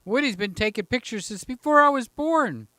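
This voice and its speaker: A man's voice: very high voice, lively intonation, moderate pace, bright, forceful tone, dry recording. A man hosting a casual live stream from home, talking in a chatty, jokey way and reading out the chat, a little out of breath, holding a handheld mic. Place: room in his house.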